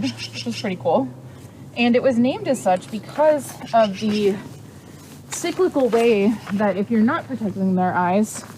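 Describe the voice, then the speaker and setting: Young woman, chatty instructor at the barn, easy middle pitch, faint ambience. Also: noisy background. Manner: chatty, explains freely, coos softly to the horse. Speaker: equine exercise instructor. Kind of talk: casual instructional talk while working a horse. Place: at a horse barn or paddock.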